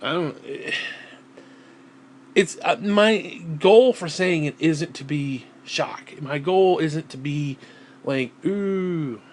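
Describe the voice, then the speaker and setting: A man ranting to camera in a vlog, blunt and heavy on swearing, sighing and clearing his throat between thoughts. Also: fairly high pitch, takes it slowly, slight background noise. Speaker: vlogger. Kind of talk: profane personal rant to camera.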